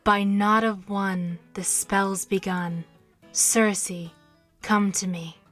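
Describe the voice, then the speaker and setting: An actress voicing a calm, devout young witch who chants incantations slowly in an audio drama. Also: medium pitch, faint music behind. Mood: chanting.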